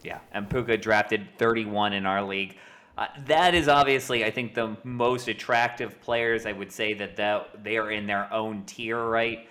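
A man's voice: on the low side, fairly even intonation, unhurried, sharp tone. A man hosting a podcast, leading the casual discussion in an easygoing way. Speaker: podcast host.

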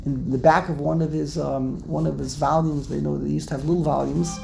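Male Torah teacher, gravelly and a bit high-pitched, rambling classroom delivery. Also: flat delivery, a little fast, warm tone, faint music behind. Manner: digressive, repeats words, restarts often.

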